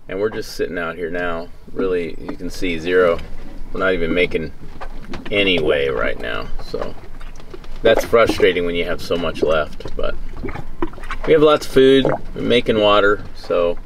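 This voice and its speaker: A man's voice: sits low, lively intonation, normal speed, vocal fry, background noise. A middle-aged man chatting casually to camera from a sailboat at sea, rambling with many fillers and restarts. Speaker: sailing vlogger.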